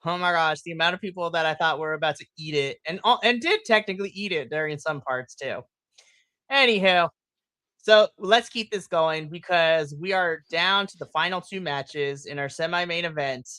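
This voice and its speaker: A man co-hosting a wrestling podcast, chatting casually and excitably, swearing and acting out his reactions. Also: on the high side, moderate pace, clear, resonant tone, no room sound. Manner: excitable, swears, animated retellings with shrieks and laughs. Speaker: podcast co-host. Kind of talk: casual wrestling recap chat.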